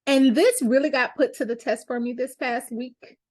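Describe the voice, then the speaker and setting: A woman's voice: high-pitched, fairly even intonation, normal speed. A woman, a lawyer hosting her own show, sharing a candid, heartfelt personal reflection in a conversational way.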